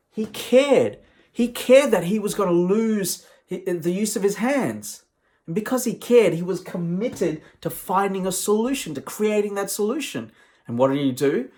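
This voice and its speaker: A man with a fairly high voice delivers a motivational talk straight to camera. His speech is emphatic yet conversational, as a professional speaker's would be. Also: a little mellow.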